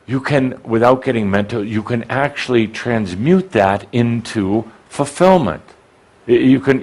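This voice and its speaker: A man leading a spiritual workshop before a live audience on a handheld mic, teasing and provoking a participant, often restarting his sentences. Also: fairly low pitch. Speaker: spiritual teacher working with an audience. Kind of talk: interactive workshop talk. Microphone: handheld microphone.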